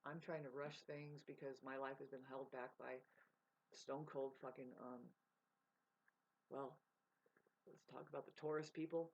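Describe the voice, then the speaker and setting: A woman's voice: very deep voice, steady tone, measured pace, pauses often, a little mellow. A woman vlogging in a rambling, profane casual monologue, laughing mid-sentence. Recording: dull lo-fi sound.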